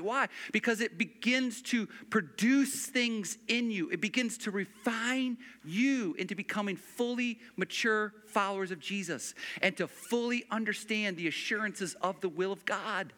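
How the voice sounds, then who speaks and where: A man preaching a sermon in an earnest, emphatic way, repeating phrases and slowing down on key words. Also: sits high, pushed and bright, long reverb tail. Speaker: pastor.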